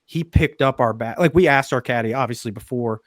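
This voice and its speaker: A man hosting a podcast, telling a story in a loose, animated way, swearing freely and laughing mid-sentence. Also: mid-range voice, a little fast, no echo, studio quality. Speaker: podcast host. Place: podcast studio.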